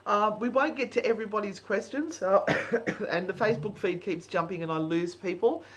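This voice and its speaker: A woman's voice: mid-range voice, normal speed, slight background noise. A woman chats on a live stream. She talks in a cheeky, blunt way, laughs easily and keeps things casual as a co-host. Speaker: co-host reading tarot.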